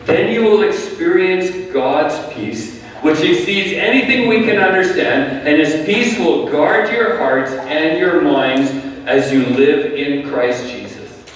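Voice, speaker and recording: Slow-speaking pastor in an echoey hall. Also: male voice, fairly high pitch, recorded from a distance, slight background noise. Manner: calm, measured preaching with soft drops in volume. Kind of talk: sermon.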